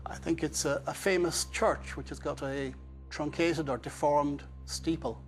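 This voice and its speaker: A man's voice: fairly high pitch, steady tone, unhurried, soft background music. A man, a quiz contestant, thinking aloud in a musing way before answering. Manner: musing, thoughtful.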